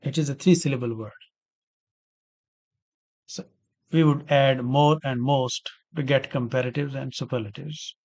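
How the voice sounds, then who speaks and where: Slow, deliberate male grammar teacher. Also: mid-range voice, fairly even intonation, gravelly, darkish tone. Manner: deliberate, repeats words and spells out letters. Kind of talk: slow spoken grammar lesson.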